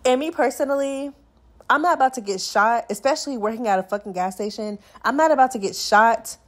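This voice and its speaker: A young adult woman recapping a movie for her channel in a chatty, animated way, acting out the characters' lines as she goes. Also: on the high side, brisk. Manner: chatty, animated storytelling with acted-out quotes.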